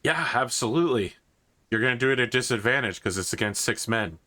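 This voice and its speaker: A man's voice: medium pitch, expressive, pushed and bright. A man narrating as game master of a tabletop role-playing game, casual and wry. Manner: casual, wry, jumps into quick character voices.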